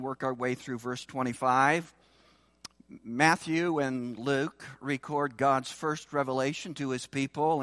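Slow, expressive preaching man. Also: no room sound. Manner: expressive preaching, swinging between loud emphasis and hushed lows. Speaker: pastor. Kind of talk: sermon.

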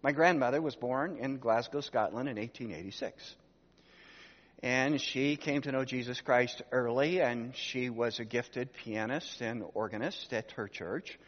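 Preaching to his congregation, this sixty-something pastor shares a family story and asks rhetorical questions, his medium-pitched voice fairly even in intonation and measured in pace. A long hall reverb and dull sound color the recording.

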